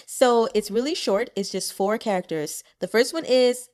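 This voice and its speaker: A woman's voice: a little high, lively intonation, unhurried, few pauses, darkish tone. A woman audiobook reader giving casual commentary on the chapters she has read, chatty and playful, laughing often and speaking directly to the characters. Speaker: web novel audiobook reader.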